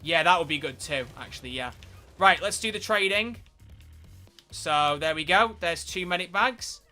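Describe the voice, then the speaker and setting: A man giving live, excitable gameplay commentary as a streamer, swearing and bursting into shouts. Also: a little high, moderate pace, soft background music. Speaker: game streamer.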